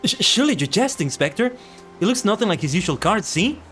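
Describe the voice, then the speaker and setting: A man doing a high, flustered young woman. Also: very animated, a little fast, fairly bright tone, soft background music. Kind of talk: reading game dialogue aloud.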